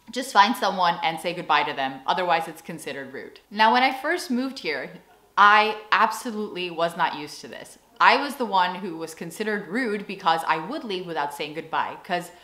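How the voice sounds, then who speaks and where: A young American woman talking casually to camera in a vlog, chatty and animated, with playful acted-out asides. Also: lowish voice, normal speed, roomy sound. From United States. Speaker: vlogger.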